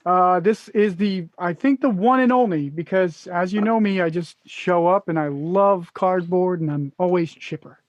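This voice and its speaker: High-voiced blunt man, slightly dull sound. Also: normal speed, hardly any pauses, no room sound. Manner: blunt, profane, acts out exasperated quotes. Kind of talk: casual podcast chat.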